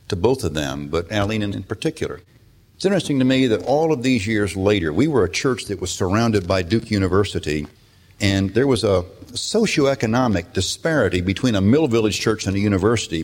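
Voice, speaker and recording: An older man preaching a sermon in a conversational, storytelling way. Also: on the low side. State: emotional at times. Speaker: pastor.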